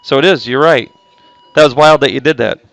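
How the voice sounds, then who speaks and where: Here a man teaches math to his high school class in a recorded lesson, joking and chatting with students as he moves between steps. His medium-pitched voice is fairly bright with some vocal fry, his pace a little fast, and the recording dry.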